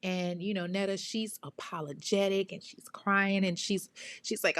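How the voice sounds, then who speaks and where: A woman's voice: mid-range voice, steady tone, moderate pace, fairly bright tone, no room sound. A woman telling a true crime story in a casual, blunt, profane way, full of emphatic asides.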